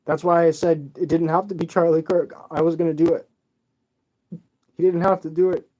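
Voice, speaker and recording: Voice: mid-range voice, flat delivery, moderate pace, warm tone. A vlogger delivering an agitated, rambling, profane rant to camera while tearful.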